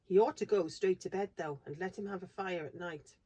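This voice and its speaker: A woman reading aloud, voicing a calm, practical country doctor in a storybook. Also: fairly low pitch, slightly rough. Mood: matter-of-fact. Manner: measured, matter-of-fact.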